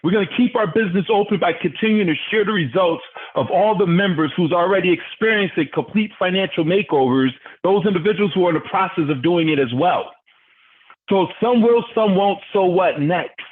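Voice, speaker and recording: A man's voice: high voice, fairly quick, a little hiss or hum. Fired-up man on a tinny phone line. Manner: fired-up, preachy, asks the audience questions. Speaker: business trainer. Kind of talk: motivational training call.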